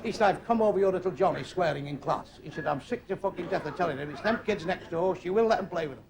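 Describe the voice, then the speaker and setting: Older bloke doing crude gags on stage, gravelly high-ish voice, crowd laughing faintly behind. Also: male voice, quick pace. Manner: blunt, crude, deadpan delivery. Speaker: stand-up comedian. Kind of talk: stand-up joke telling. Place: comedy club stage. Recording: live club crowd laughing. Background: audience laughter.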